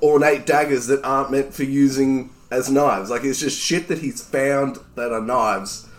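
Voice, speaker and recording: A man in casual chat at a tabletop game table, describing his character with excitement. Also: medium pitch, unhurried. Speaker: player.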